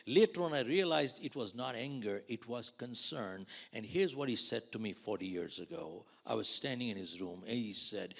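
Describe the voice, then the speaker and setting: A man in his sixties from India, giving a dramatic storytelling keynote that swings between loud outbursts and near whispers. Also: mid-range voice, creaky. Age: 60s. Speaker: motivational speaker.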